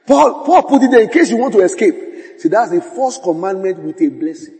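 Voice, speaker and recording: A man's voice: high-pitched, expressive, normal speed, a little mellow. A man preaching a sermon as pastor, shifting into dramatic quoted voices and laughing as he goes. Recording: long hall reverb.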